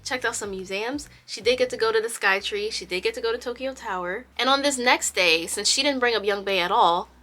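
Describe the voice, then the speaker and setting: A woman's voice: on the high side, brisk, few pauses. Chatty woman telling a storytime. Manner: chatty, animated. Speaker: YouTuber. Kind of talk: storytime narration.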